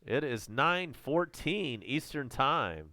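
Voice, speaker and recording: A man with a Southern American accent calls live baseball play-by-play as a fan, slow and chatty between pitches and shouting excitedly on home runs. His voice is strained, close to giving out, and there's no echo.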